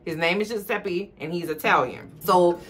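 A woman with a Southern US accent, giving sassy, animated TV recap commentary indoors with big pitch swings. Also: moderate pace, soft background music. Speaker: TV recap vlogger. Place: room indoors.

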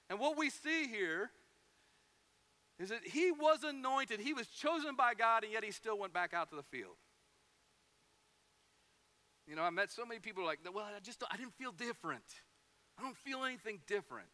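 A man preaching a sermon, telling stories and acting out the people in them. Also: high-pitched. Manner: animated storytelling with acted-out quotes. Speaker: pastor.

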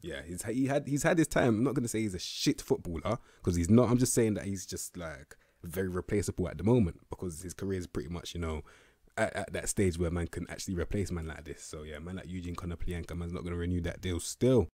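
A man's voice: low voice, quick pace, warm tone, dry recording, clean studio sound. A young man, casually commenting on a football management game in heavy slang. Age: young adult. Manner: slangy, laid-back, swears casually. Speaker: gaming youtuber.

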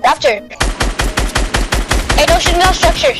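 Female gamer, very high pitch, bossy and brash, music bed behind. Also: lively intonation, measured pace. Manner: bossy, yelling orders and insults. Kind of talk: casual gaming chat.

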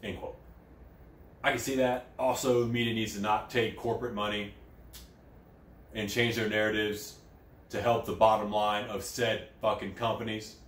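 A man hosting a crude comedy news show while high, rambling and swearing, with sudden loud outbursts. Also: flat delivery, normal speed, long pauses. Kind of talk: crude satirical news commentary. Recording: echoey room, mic at a distance.

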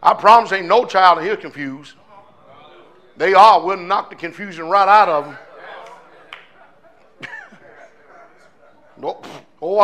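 A pastor preaches a sermon in a high, bright, forceful voice. His style is fiery yet conversational, and he fires off rhetorical questions at his congregation.

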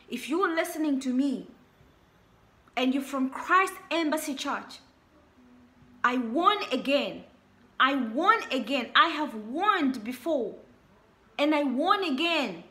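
High bright-voiced young woman preacher. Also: animated, measured pace, pauses often. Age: young adult. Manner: repetitive, emphatic warnings. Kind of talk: sermon.

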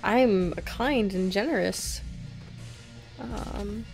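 A woman's voice: mid-range voice, very slow, creaky. A woman co-hosting a game stream, joking around playfully in casual chat. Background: faint game music.

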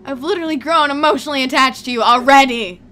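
Young woman let's-player, bright and sharp in tone, excitable and emotional. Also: sits high, fast. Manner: excitable, emotional, pleading with the game. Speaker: let's play gamer. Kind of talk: reacting to a video game. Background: faint game music.

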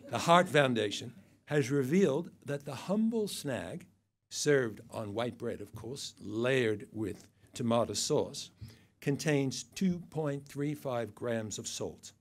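A man's voice: medium pitch, animated, slow pace. An older man giving a satirical awards speech to an event audience, dry and mocking, with wry asides. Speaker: awards presenter.

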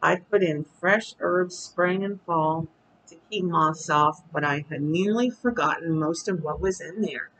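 A storybook reader voicing an elderly, gentle pioneer widow in a read-aloud. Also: mid-range voice, a little slow, slight background noise, poor audio. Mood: kindly.

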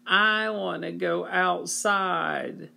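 A man's voice: sits high, gravelly, bright, forceful tone, voice pushed up, exaggerated voice. A man doing a whiny little boy. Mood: whining. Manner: whining, drawn-out.

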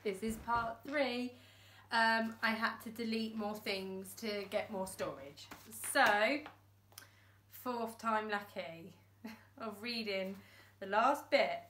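Slow, higher-voiced teacher reading aloud in a roomy room. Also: female voice, fairly bright tone, distant mic, a little hiss or hum. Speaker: class teacher. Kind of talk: storybook read-aloud. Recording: roomy echo.

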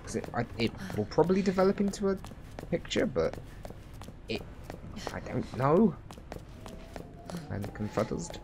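A man's voice: fairly high pitch, sing-song, unhurried, pauses often, noisy background. A man chatting casually over a game stream, swearing freely and talking to the characters on screen. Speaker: gaming streamer. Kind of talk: casual let's-play commentary.

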